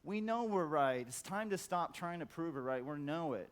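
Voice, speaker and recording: At a moderate pace, an animated middle-aged man gives a blunt, emphatic, profane talk in a conference hall, piling up repeated words for effect. He acts out the voices he quotes with a loud, high squawk.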